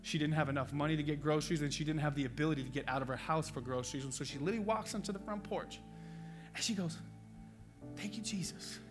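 A man preaching a sermon with passion, moving between hushed, quiet passages and loud, urgent peaks. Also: a little high, racing, music in the background. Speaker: pastor.

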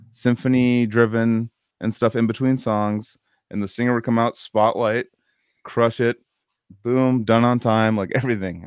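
A man's voice: lowish voice, a little mellow, no room sound, clean studio sound. A drunk man telling a rambling, profane story in a casual chat, with lots of filler words.

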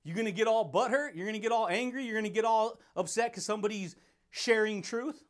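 A man's voice: sits high, quick pace. A man hosting a motivational podcast, talking in a hyped, laughing monologue that keeps calling the listener dude, buddy and baby.

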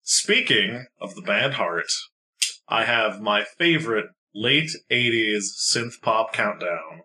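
A man's voice: on the low side, animated, slow pace, sharp tone. A man co-hosting a comedy podcast, playful and easily confused in casual banter. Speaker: podcast co-host.

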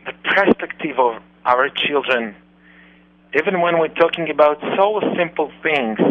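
Man, unhurried storytelling, halting English, muffled radio sound. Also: mid-range voice. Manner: earnest, halting non-native English. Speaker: radio show host.

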